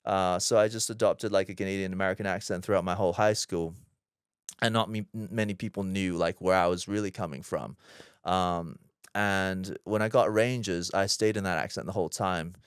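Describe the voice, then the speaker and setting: A man's voice: deep voice, fairly even intonation, normal speed, clear, resonant tone, no room sound, studio quality. A man in his thirties, an actor guest telling personal stories in a chatty, self-deprecating way with loose fillers. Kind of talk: casual interview storytelling.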